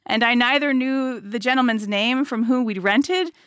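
A middle-aged woman interviewing an author about his book, animated and laughing often as she talks. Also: fairly high pitch, normal speed, clean tone, no echo, studio quality.

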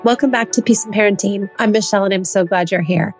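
A woman in her thirties hosting a solo podcast, explaining her views in an earnest, gently persuasive way. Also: medium pitch, fast talker, soft background music. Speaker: podcast host.

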